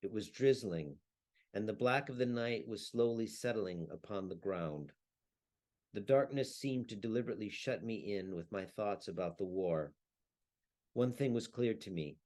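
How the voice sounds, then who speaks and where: A historian and translator, a man, giving a talk and reading aloud, measured with some hesitant fillers. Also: fairly low pitch, a little mellow. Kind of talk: talk with a read-aloud excerpt.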